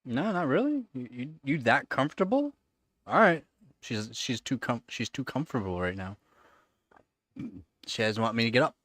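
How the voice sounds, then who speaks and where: A man hosting a casual live stream, answering chat questions and cooing at his pet in a high sing-song voice between relaxed remarks. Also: moderate pace, no room sound, clean studio sound. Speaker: livestream host. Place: home computer setup.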